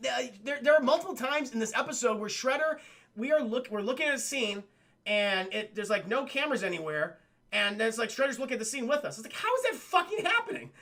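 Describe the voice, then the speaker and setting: A man streaming a casual recap of an old cartoon, animated and profane, laughing often and addressing his chat. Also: extremely high pitch, quick pace.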